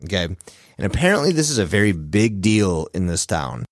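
A man's voice: low voice, big pitch swings, a little fast, dry recording, clean studio sound. A man hosting a casual podcast chat, loose and profane, with many filler words. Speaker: podcast host.

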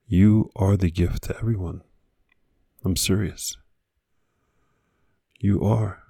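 A man's voice: deep voice, steady tone, slow, warm tone, slightly rough, no echo, studio quality. A man hosting a podcast, delivering an earnest motivational monologue with repeated exhortations. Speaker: podcast host.

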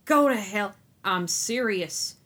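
A woman reading the part of a hot-tempered, devout grieving man who bursts out loudly. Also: a little high, moderate pace, voice pushed up, natural voice. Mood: angry. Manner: hot-tempered, loud outbursts.

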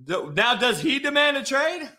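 Bright-voiced man hosting casual sports talk. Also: very high-pitched, very animated, normal speed. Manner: loose, profane, restarts a lot, says "dog". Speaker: podcast host.

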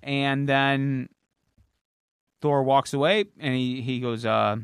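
A man's voice: medium pitch, fairly even intonation, slow pace, clear, resonant tone, no room sound, studio quality. Man recapping a plot, casual podcast talk. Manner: rambling plot recap with fillers and swearing. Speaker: podcast co-host. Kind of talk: casual chat.

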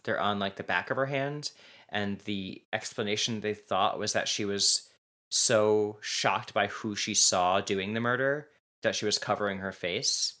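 A man's voice: fairly low pitch, measured pace, pushed and bright. A man hosting a podcast, casually retelling a true-crime case with many "um"s and "like"s. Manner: recounts case details with frequent "um" and "like". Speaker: podcast host.

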